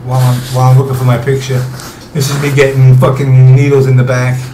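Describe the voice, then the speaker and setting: A man's voice: medium pitch, completely flat delivery, fast. A man runs a casual online talk show, drifting from topic to topic and dropping swear words without a second thought. His voice carries a roomy echo, and a constant background noise hums beneath it. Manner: profane, rambling, offhand. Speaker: show host.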